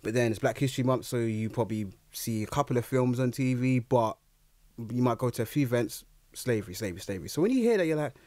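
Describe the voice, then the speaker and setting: A young man tells his story fast and animatedly as a guest in an informal interview, acting out his own reactions. His voice sits in the mid range. He's recorded close and dry, with no room sound.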